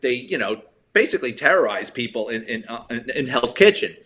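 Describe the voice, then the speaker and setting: A middle-aged man with a New York accent from the Bronx, a retired detective telling animated stories as a guest. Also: medium pitch, brisk. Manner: animated, lively storyteller acting out quotes. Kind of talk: casual storytelling interview.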